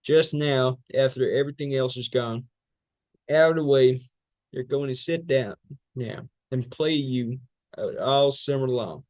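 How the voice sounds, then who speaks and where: A man's voice: mid-range voice, unhurried, a little mellow, dry recording. Man reciting a fiery political speech. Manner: fiery oratory with rhetorical questions and repetition. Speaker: public speaking student. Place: speech training class.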